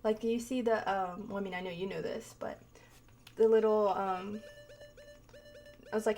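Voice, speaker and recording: A woman's voice: mid-range voice, steady tone, moderate pace, long pauses, dark tone, faint music behind. A woman streaming a game she is playing for the first time, chatting casually with her viewers in a rambling, giggly way and breaking into long laughing fits. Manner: rambling, chatty, talks to chat. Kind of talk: casual gameplay commentary.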